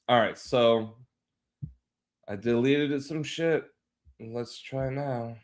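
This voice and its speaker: A livestreaming video editor chats casually while he works, speaking extremely slowly at a medium pitch. He mutters to himself, swears offhandedly, and sounds a bit stuffy and sick from pollen.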